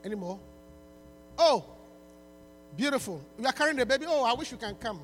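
A man's voice: extremely high pitch, lively intonation, fairly quick, a bit bright, a little hiss or hum. A man preaching in a church service, pleading and repetitive, often restarting his words as he urges people forward to give. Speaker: pastor launching a book.

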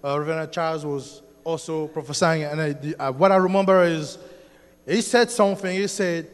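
High-voiced man with a French accent. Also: normal speed, clean tone. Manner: excited storytelling with many fillers and restarts. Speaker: church member giving a testimony. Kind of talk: spoken testimony to a congregation. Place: church hall. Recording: long hall reverb.

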